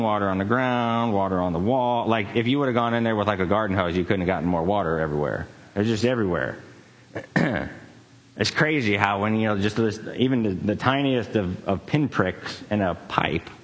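A man preaching, telling a personal story in a casual, conversational way with fillers and quick laughs. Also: on the low side, big-room sound. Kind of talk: sermon story.

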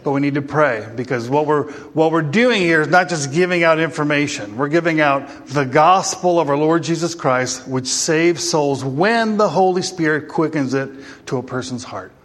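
A man's voice: fairly high pitch, normal speed, few pauses, fairly bright tone. A man preaching a sermon as pastor, joking with the congregation and rousing them with calls for amen. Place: church hall. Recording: long hall reverb.

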